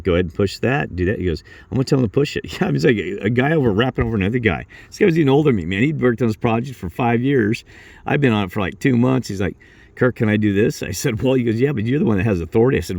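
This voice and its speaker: A man telling a rambling work story in casual talk, acting out his coworkers' lines in a higher voice. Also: darkish tone, dry recording. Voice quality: low gravelly voice. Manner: rambling, acts out coworkers' lines with raised pitch.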